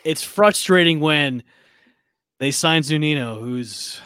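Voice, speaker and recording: A man co-hosts a casual sports podcast, ranting in animated bursts full of restarts. His voice sits a little high. The recording is dry and close. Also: slow, clean tone, no room sound. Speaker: podcast co-host.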